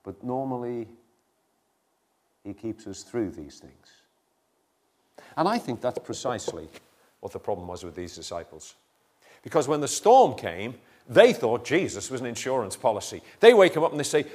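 An older man preaching a sermon, moving between quiet asides and loud, dramatic retellings. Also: mid-range voice, very animated, normal speed, long pauses.

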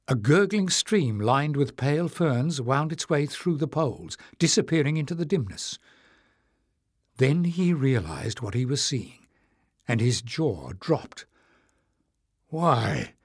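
A man narrating an audiobook in a measured, expressive way. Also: fairly high pitch, no room sound, clean studio sound. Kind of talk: scripted narration.

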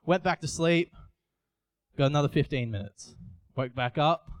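A man's voice: fairly high pitch, normal speed, no echo. A young man, giving an earnest, confessional sermon with frequent restarts. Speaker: youth preacher. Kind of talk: personal sermon.

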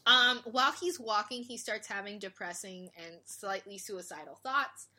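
A young woman recapping a story in casual chat, animated and laughing, acting out characters in quick voices. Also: mid-range voice.

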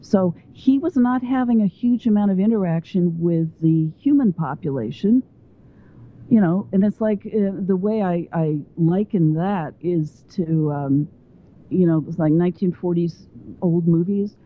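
A woman with a lowish voice talks at length over a tinny phone line. She rambles and digresses from one point to the next. She speaks as a guest author on the call. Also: measured pace. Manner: talkative and digressive. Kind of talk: phone interview.

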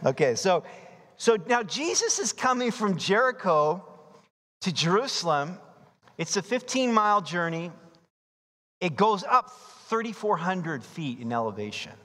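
A man preaching a verse-by-verse sermon, animated, acting out voices and shouting for emphasis. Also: high-pitched, unhurried. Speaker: pastor. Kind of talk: expository sermon. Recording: long reverb of a large hall.

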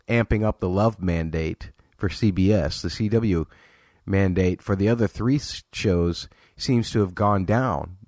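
Guy with a real deep voice ranting about a tv episode, talks in bursts, fixes his own words. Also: a little mellow, no echo, studio quality. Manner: chatty, self-correcting, exasperated asides. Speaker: podcast host. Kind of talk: casual TV episode review.

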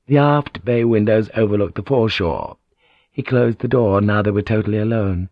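A man's voice: on the low side, normal speed, no echo, highs cut off. Man narrating an audiobook, dry. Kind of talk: scripted narration.

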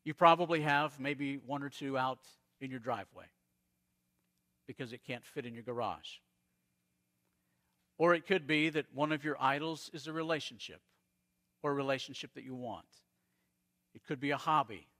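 Bright-voiced preacher man from Arizona. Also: mid-range voice. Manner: storytelling preacher, dramatic pauses and swings in loudness. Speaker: pastor. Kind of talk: sermon.

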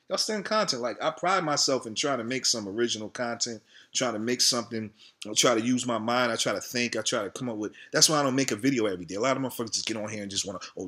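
Profane, heated man venting in a bright voice. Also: mid-range voice, slightly rough. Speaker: video creator. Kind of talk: casual ranting vlog.

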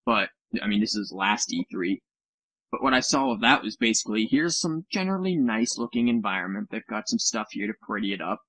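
Guy with a lowish voice riffing sarcastically about video games, dry close mic. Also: lively intonation, fairly quick, fairly bright tone, no room sound, poor audio. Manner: rambling, self-correcting, sarcastic. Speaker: podcast co-host. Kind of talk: casual gaming chat.

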